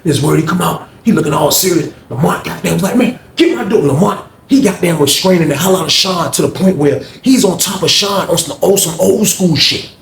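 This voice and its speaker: A man's voice: on the high side, a little fast, creaky, few pauses, echoey room, slight background noise. A man telling a casual storytime, slangy and talking to viewers while acting out the scenes.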